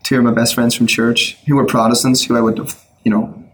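A middle-aged Irish man, a songwriter, telling his personal story in a casual interview, earnest with quick asides and restarts. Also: medium pitch, little pitch movement, fairly bright tone, slightly rough, rough recording. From Ireland. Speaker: guest, worship songwriter.

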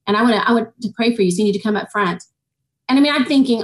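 A woman's voice: medium pitch, fast talker. A woman in her forties, a guest author, telling a personal faith story in an interview and acting out the voices of the people in it. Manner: animated storytelling, acts out quoted voices. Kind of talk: testimony in an interview.

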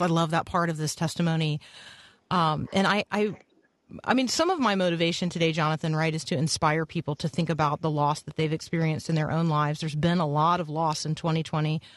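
A man's voice: on the high side, steady tone, brisk, fairly bright tone, dry recording. A man hosting a radio interview, asking long questions with frequent ums. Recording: dry close mic.

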